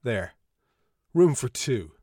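A man voicing a bitter, sulky young father who talks in a flat, sarcastic way. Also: medium pitch, slow pace, dry recording, studio quality, pitched above the performer's own voice.

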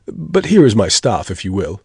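A man voicing a calm, mocking old devil disguised as a traveller, speaking in a measured way. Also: lowish voice, gravelly, slightly rough, no echo, clean studio sound, heavily acted. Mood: amused.

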